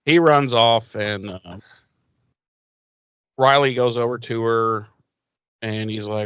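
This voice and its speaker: Male podcast co-host, casual recap, acts out lines, mid pitch, dry sound. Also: unhurried, long pauses, clear, resonant tone, no room sound. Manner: animated retelling, acting out characters' lines. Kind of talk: casual chat recapping a TV episode.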